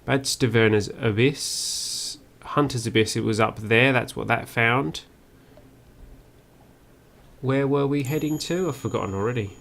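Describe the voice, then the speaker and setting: Gravelly man musing through a game. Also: mid-range voice, measured pace, pauses often, a bit bright. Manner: musing, reads on-screen text aloud. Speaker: game streamer. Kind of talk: first-play commentary.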